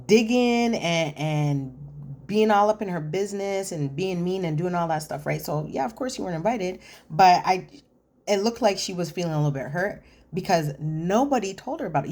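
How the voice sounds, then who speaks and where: A woman's voice: on the low side, a little mellow. A woman hosting a chatty, sassy recap of a reality TV episode, talking straight to her viewers. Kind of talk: casual episode recap commentary.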